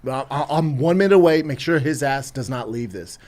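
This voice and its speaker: A man's voice: medium pitch, brisk. A man, telling a story casually and profanely on a podcast and acting out the voices in it. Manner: profane, animated, acts out the voices in his story. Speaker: podcast host.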